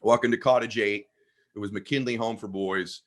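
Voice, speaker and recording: A man, a guest on an interview podcast, telling personal stories with animated emphasis. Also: fairly low pitch, moderate pace. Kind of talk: storytelling conversation.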